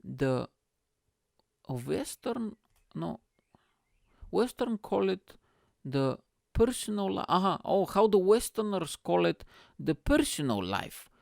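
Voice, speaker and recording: A man voicing his older immigrant father, speaking slow, earnest broken English. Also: high voice, big pitch swings, vocal fry, a little mellow, no echo, clean studio sound, voice pushed up, heavily acted.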